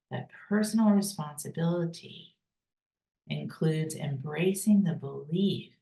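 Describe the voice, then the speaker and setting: A woman teaching a personal growth course, calm and deliberate, with pauses for breathing and repeated key phrases. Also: sits low, echoey room, rough recording. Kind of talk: slow guided teaching with breathing cues.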